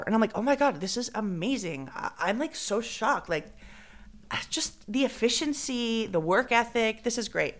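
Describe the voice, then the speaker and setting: A woman tells a story on a podcast. She talks in a casual, animated way and acts out each quote. Now and then she drops a Spanish phrase. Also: a little high, moderate pace. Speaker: podcast co-host.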